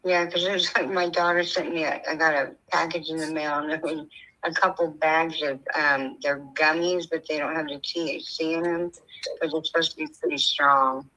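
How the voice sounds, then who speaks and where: A woman's voice: low-pitched, steady tone, moderate pace, bright, forceful tone, poor audio. An older woman chatting casually as a stream host, telling stories and laughing often. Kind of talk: casual chat.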